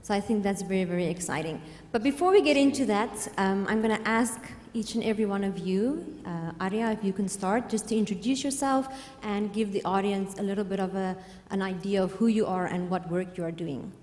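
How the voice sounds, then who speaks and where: A woman's voice: mid-range voice, brisk, few pauses, a little mellow. A woman from South Africa moderating a conference panel, friendly and a bit hesitant. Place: large conference hall. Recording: reverberant hall.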